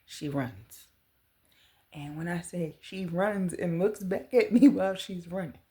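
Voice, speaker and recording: A woman in her thirties telling a personal story to the camera, earnest and animated as she retells it. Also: fairly low pitch, measured pace. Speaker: vlogger.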